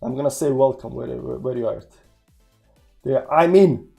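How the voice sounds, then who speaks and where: A man's voice: mid-range voice, moderate pace, creaky, mellow, husky, faint music behind. A man hosting a casual trading livestream with non-native accented English, rambling through charts and reading chat aloud with many fillers. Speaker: crypto trading livestream host.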